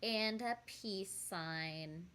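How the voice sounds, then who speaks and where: Woman, middle pitch, livestream guest, playful, jokey storyteller. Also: drawn-out words, a bit bright, clear, resonant tone. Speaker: guest streamer. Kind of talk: casual chat on a livestream.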